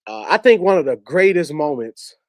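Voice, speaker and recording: A man's voice: on the high side, big pitch swings, normal speed, no echo. Earnest man telling a personal story. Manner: earnest, conversational, emotional storytelling. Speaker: podcast guest. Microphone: podcast studio mic.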